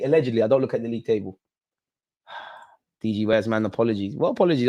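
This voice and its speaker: A young man hosting a live football watch-along, swinging between low muttering and yelling at the referee. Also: fast talker. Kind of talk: live match reaction.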